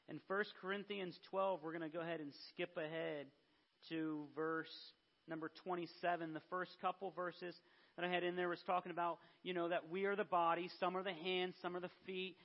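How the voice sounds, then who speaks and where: A man's voice: high voice, muffled recording. A man preaching a conversational sermon, acting out Bible figures in everyday speech.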